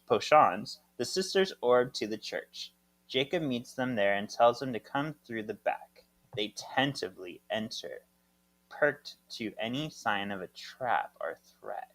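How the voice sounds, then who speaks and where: Lower-voiced man reading a summary. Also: a bit bright. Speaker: podcast co-host. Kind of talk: reading a plot summary aloud.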